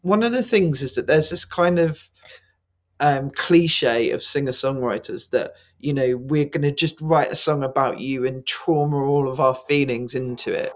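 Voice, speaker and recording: A male podcast host who muses aloud in long, winding thoughts, peppered with "you know" and "like." His voice sits at an ordinary middle pitch, and the delivery stays relaxed and conversational. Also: normal speed. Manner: reflective, rambling with many fillers. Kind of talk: casual conversation.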